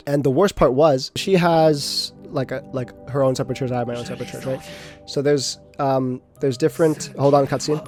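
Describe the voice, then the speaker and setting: Streaming, a young man tells a story about himself, swearing, restarting frequently, and rambling while making fun of himself. He has a medium-pitched voice with a darkish tone.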